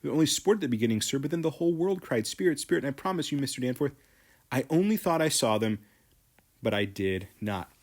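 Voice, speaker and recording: A man reading aloud as a timid, frightened teenage servant girl, speaking softly with stammers. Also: medium pitch, lively intonation, fast talker, voice pushed up. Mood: pleading. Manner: soft, faltering, stammering.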